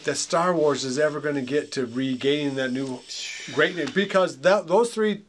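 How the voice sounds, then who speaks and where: Male co-host, slightly high-pitched, chatty, rambles, laughs easily. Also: normal speed, slight background noise. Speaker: podcast co-host. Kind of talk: casual comedy chat.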